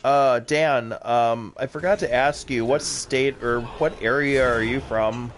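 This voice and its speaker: A man's voice: medium pitch, fairly even intonation, a little slow, a little hiss or hum. A man with a Wisconsin accent chatting casually while playing a game, rambling and full of fillers. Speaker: co-host of a gaming stream.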